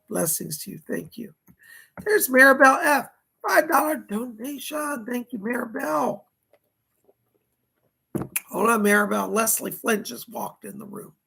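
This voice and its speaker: A man's voice: high-pitched, vocal fry, fairly bright tone, slightly rough. A man hosting live psychic readings, losing his voice, giving reassuring and repetitive advice. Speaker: psychic medium, host.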